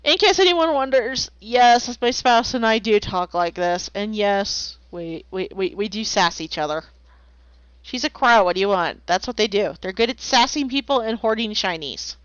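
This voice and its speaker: A woman's voice: medium pitch, expressive, moderate pace, fairly bright tone, clean tone, no echo. A woman streaming while she draws, chatting casually and playfully, rambling and making silly noises. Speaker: streamer drawing commissions. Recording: slightly dull lo-fi, dry.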